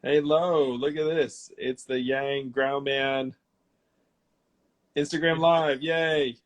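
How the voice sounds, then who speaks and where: Relaxed man chatting on a live stream. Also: mid-range voice, slow. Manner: relaxed, rambling, many fillers and restarts. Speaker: host of an Instagram live Q&A. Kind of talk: casual live-stream chat. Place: his home.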